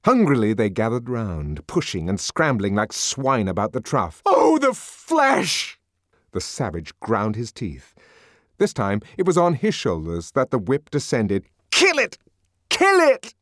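A man's voice: lowish voice, big pitch swings, moderate pace, no room sound, clean studio sound. A man reading a novel aloud as narrator, in a dramatic, varied manner. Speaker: audiobook narrator. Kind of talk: scripted narration.

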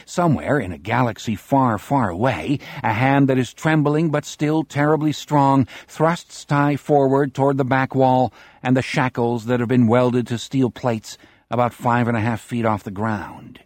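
A man reading an audiobook in a measured, dramatic narrating style. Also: mid-range voice, darkish tone, no room sound, clean studio sound.

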